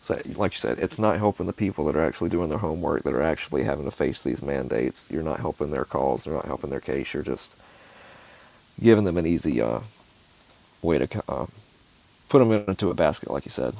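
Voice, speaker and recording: A man co-hosting a podcast, talking casually and agreeably, pausing with fillers. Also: a bass voice, creaky, darkish tone. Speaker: podcast co-host. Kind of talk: casual political chat.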